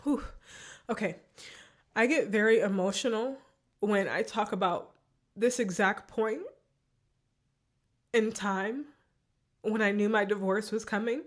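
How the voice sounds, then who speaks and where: A woman's voice: mid-range voice, measured pace, long pauses. A woman vlogger telling a personal story in a candid, emotional way, often repeating herself.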